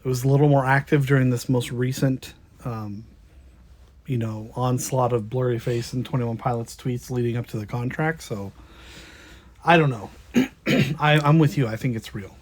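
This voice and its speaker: Husky-voiced laid-back man. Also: medium pitch, steady tone, normal speed. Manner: laid-back, brief reactions and quiet agreement. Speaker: podcast co-host. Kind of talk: casual podcast chat. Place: ship cabin on vacation. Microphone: phone recording.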